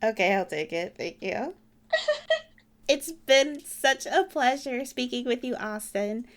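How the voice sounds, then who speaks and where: Friendly woman podcast host, higher voice. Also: expressive. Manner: friendly, reads contact details slowly and carefully. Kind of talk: interview and scripted outro.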